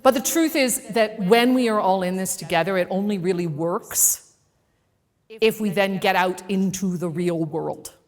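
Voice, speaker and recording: Woman, keynote speaker, live storytelling, animated and playful, reverberant hall. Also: medium pitch, a little slow. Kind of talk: live storytelling talk to an audience. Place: event venue with a live audience.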